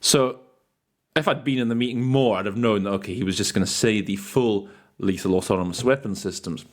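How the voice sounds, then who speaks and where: A man coaching interpreters in a casual teaching talk, thinking aloud with fillers and restarts and telling chatty anecdotes. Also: lowish voice.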